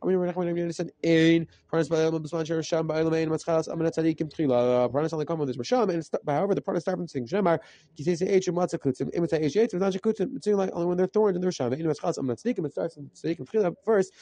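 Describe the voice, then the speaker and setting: Rapid-fire man teaching Talmud. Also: a little high, mellow, dry recording. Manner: rapid translating chant mixing Aramaic phrases. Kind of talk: rapid daf yomi lesson.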